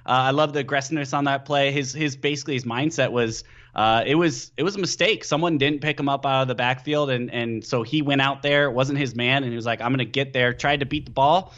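Excitable man on a lo-fi line. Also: medium pitch, fast, few pauses. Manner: excitable, animated storytelling with many fillers. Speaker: podcast guest, team analyst. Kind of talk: casual sports podcast chat.

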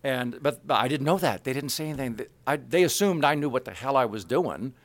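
A man in his sixties from Kansas City, telling animated stories as an interview guest. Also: medium pitch, a little fast. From Kansas City, USA. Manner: animated, acts out quotes, laughs. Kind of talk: anecdotal storytelling.

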